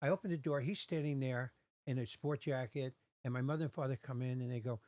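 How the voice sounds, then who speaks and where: A man's voice: medium pitch, moderate pace, no room sound. A man in his sixties telling a personal story in casual podcast chat, acting out the voices of the people in it. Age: 60s. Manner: animated, acts out quoted voices.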